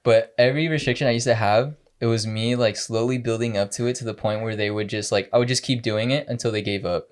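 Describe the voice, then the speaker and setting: A man's voice: mid-range voice, steady tone, quick pace, hardly any pauses. A young man telling a long story in casual podcast chat, rambling with many fillers and quoted dialogue. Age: young adult. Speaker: podcast co-host.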